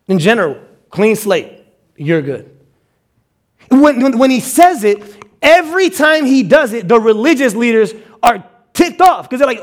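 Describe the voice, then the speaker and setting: A male pastor preaching with a notably high voice. He swings into quoted voices and repeats words as he pushes his points along. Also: moderate pace, long pauses. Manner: animated, acts out quotes with stammered repeats. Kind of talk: sermon.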